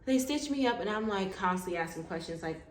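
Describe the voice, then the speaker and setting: A woman vlogger telling a personal story in a lively way, acting out what others said. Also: mid-range voice, fast talker. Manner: animated, acts out quoted dialogue. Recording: echoey room with faint background noise.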